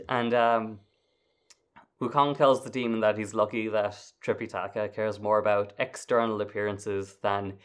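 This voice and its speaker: Man, lowish voice, casual podcast storytelling, wry, relaxed. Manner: laid-back, wry, laughs while retelling. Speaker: podcast co-host.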